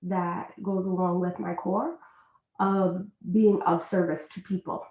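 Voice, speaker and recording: A woman's voice: on the low side, fairly even intonation, measured pace. A woman in her thirties, an instructional coach, speaking as a podcast guest; she is tearful and emotional, talking in an open and heartfelt way. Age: 30s. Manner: open and heartfelt, apologetic about her tears. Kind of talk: podcast interview. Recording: echoey, phone-like remote line.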